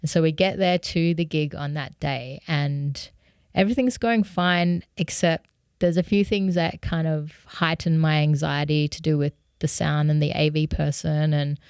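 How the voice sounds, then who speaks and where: A young woman talks through a personal story in an earnest, candid way, with fillers like "you know" sprinkled throughout. Her voice sits low and sounds smooth and clear. The recording is close and dry, with no room sound. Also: darkish tone, no room sound. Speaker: musician vlogger.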